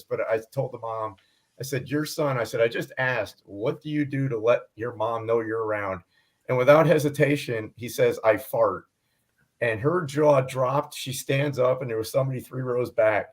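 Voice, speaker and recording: A man with a voice at a middle pitch, talking casually as a guest. He is an animated storyteller who acts out the quotes. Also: moderate pace. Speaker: medium, guest. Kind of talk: casual chat.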